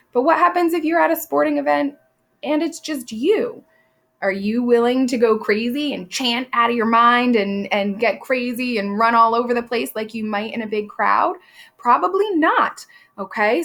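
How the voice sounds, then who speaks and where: A woman's voice: a little high, fairly bright tone. A woman teacher explaining a play in a casual, chatty classroom lesson, full of fillers and asides.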